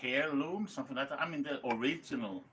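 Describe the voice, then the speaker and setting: A man's voice: medium pitch, quick pace, fairly bright tone, a little hiss or hum. A middle-aged man chatting casually on a livestream, hesitant with many restarts and fillers. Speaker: guest.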